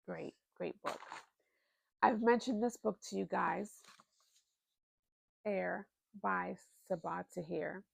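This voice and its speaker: Gravelly, unhurried woman chatting about books. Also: mid-range voice, no room sound. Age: adult, married. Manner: chatty, expressive, lots of fillers. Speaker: book vlogger. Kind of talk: casual book recommendations.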